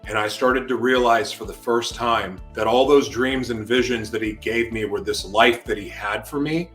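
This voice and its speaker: A man as an interview guest, telling a personal testimony in an animated way and acting out his own shouted words. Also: mid-range voice, moderate pace, faint music behind.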